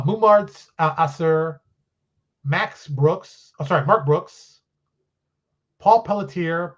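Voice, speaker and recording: A man's voice: on the high side, highs cut off. A man chatting as a guest on a live-streamed interview, telling stories in a loose, self-deprecating way and acting out the conversations he recounts. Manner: animated storyteller who acts out quoted conversations. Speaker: game designer and publisher guest.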